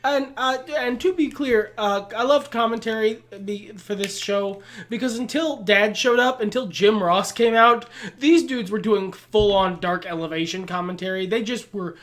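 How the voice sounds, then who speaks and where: A man's voice: sits high, moderate pace, few pauses, a bit bright. A man co-hosting a wrestling podcast, chatting casually, opinionated, swearing and laughing as he goes. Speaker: podcast co-host. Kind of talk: casual chat.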